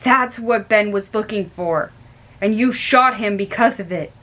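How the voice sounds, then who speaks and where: A young man in a spooky storybook hurls an accusation at a villain, as a woman reads his lines. The delivery is loud and pointed yet unhurried, her voice sitting at a middle pitch. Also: close to an everyday voice, rough recording. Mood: accusing.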